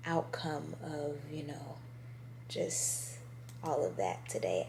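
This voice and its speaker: A heavily pregnant woman in her twenties chats casually with her viewers at home, speaking straight to camera as a vlogger. Her lowish voice is dark with vocal fry, picked up by an on-camera mic with slight background noise.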